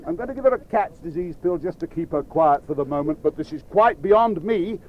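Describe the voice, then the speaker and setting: A kindly, puzzled country cow doctor from a children's story, speaking calmly and plainly, as a male storyteller reads him. His voice sits fairly high, and the recording is dull and lo-fi. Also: brisk, natural voice.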